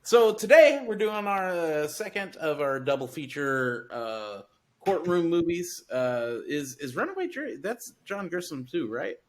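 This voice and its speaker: A man's voice: on the high side, very animated, a little slow. Hesitant Southern man hosting a podcast. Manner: hesitant, many fillers and restarts. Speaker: podcast host. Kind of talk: casual chat.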